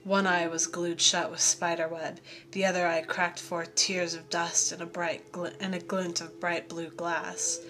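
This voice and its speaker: A woman reading a story aloud as narrator, in a measured, steady manner. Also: on the low side. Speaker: audiobook reader.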